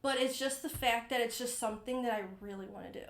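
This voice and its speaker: A woman's voice: on the high side, fast, reverberant. A woman co-hosting a casual chat, enthusiastic and rambling with many "like"s. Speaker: co-host.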